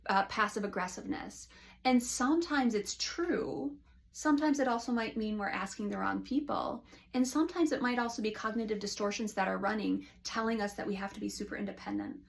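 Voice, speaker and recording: A woman's voice: medium pitch, vocal fry. A woman who is a licensed counselor, talking casually and frankly to camera from her counseling office.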